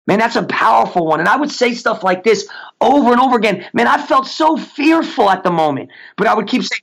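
A man who is a motivational coach, speaking on a podcast about faith and declarations. He is emphatic and slows down to say affirmations, with some stumbles and restarts. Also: sits high, animated, vocal fry, fairly bright tone.

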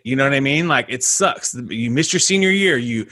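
A man hosting a casual podcast, energetic and slangy, calling listeners dude and guys. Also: mid-range voice, brisk. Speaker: podcast host.

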